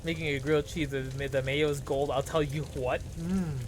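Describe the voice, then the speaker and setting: A man's voice: fairly high pitch, fairly even intonation, moderate pace, noisy background. A man casually commenting on his gameplay, playful and laughing often as he reads the story aloud. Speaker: streamer. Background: faint background music.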